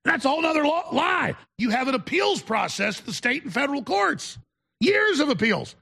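Male host, high, husky voice, tense and hard-edged, combative mocking rant with shouted bursts. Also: sing-song, moderate pace. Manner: stammering restarts when worked up. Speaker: talk show host. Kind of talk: ranting monologue to viewers.

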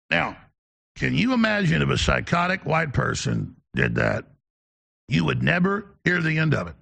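A man's voice: a little high, wildly swooping pitch, creaky, fairly bright tone. A man hosting a talk radio show, delivering an emphatic, ranting opinion monologue. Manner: emphatic, ranting, fast-talking.

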